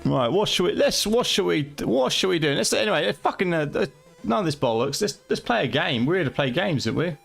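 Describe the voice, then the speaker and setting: A man's voice: fairly high pitch, expressive, fairly quick, creaky, a bit bright, faint music behind. A middle-aged man with a Fenland accent, rambling and swearing loosely through a late-night live game stream at home. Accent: Fenland English. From Fenland, England.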